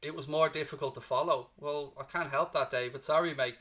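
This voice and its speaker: A man's voice: a little high, fairly even intonation, brisk, sharp tone. A male fan channel host on a live post-match stream, reading out chat comments in an emotional, blunt way that wanders onto tangents, and exhausted.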